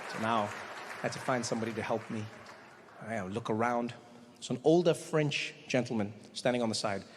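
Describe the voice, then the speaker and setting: A male stand-up comedian telling a story, animated and acting out scenes. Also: mid-range voice, a little fast, big-room sound, a crowd in the background, background noise. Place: comedy club stage.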